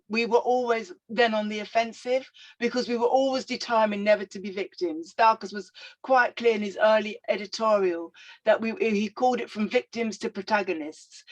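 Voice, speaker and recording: A woman's voice: medium pitch, rough recording. Older woman telling a personal story. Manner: reflective, animated storyteller with fillers. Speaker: guest speaker.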